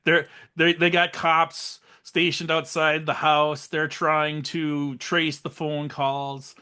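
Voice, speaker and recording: Bright-voiced man recapping a movie. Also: a little high, takes it slowly, clean tone. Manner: animated retelling, acting out lines in funny voices. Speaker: podcast co-host. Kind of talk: casual chat recapping a film.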